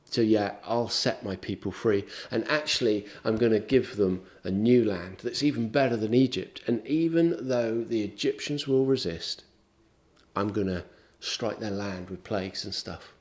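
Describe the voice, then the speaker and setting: A man's voice: fairly low pitch, moderate pace, a little mellow, close to an everyday voice. A man preaching who speaks as God, a patient and all-powerful king, in a firm, declaring way. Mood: majestic. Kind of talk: sermon storytelling.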